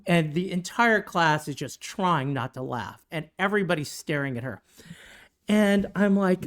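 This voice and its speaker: A woman's voice: on the low side, animated, a little slow. A middle-aged woman, a teacher co-hosting a podcast, telling a funny classroom story in casual chat. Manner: chatty, teasing, puts on voices for quoted people.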